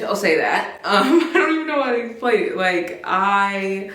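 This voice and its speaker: A woman's voice: mid-range voice, animated, normal speed, a bit bright, far from the mic. Young woman, casual vlog chat, giggly, rambling, roomy echo. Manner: giggly, rambling, many fillers. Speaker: booktuber.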